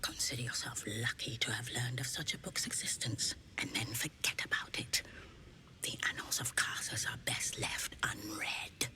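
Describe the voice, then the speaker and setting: An actress voicing a guarded female bookseller of dangerous books, in a slow, conspiratorial whispered role-play. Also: extremely low pitch, steady tone, music in the background. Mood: hushed. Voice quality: hushed, unvoiced whisper.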